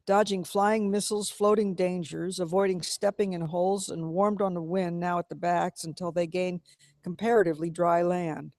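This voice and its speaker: A man giving a measured, dramatic reading of a novel. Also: high voice, flat delivery, darkish tone, dry recording, clean studio sound. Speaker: reader.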